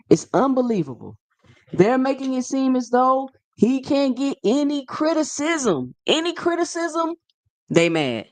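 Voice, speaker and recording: Animated, sassy woman commentator in her thirties; slangy, repetitive delivery; dry close-miked sound. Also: high-pitched, moderate pace, dry recording. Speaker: boxing commentary vlogger. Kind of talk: casual opinion monologue.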